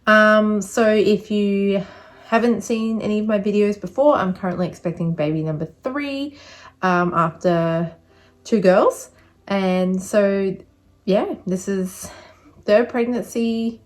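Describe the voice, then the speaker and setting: A woman's voice: medium pitch, slow. A young woman giving a casual vlog update, chatty and rambling, a little out of breath. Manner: chatty, rambling with many fillers. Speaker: vlogger.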